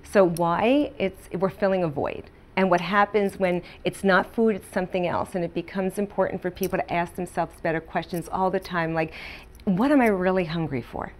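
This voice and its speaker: A woman's voice: on the low side, fairly even intonation, normal speed, few pauses. A woman author as a guest on a talk show, chatting casually and acting out her own inner voice.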